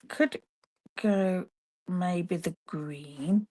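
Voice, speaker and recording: A woman's voice: lowish voice, slow, dark tone. A woman demonstrating card making on a live stream from her home craft room, chatting to viewers as she works. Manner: chatty, talks to viewers while working. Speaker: papercraft demonstrator.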